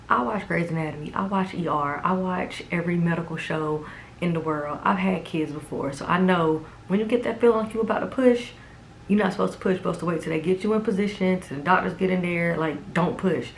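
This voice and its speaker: A woman's voice: on the low side, fairly quick, slight background noise, poor audio. A woman in her twenties telling a personal story to camera in a casual, emphatic way. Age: 20s. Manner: casual and emphatic, with many "like"s and "okay?". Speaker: vlogger.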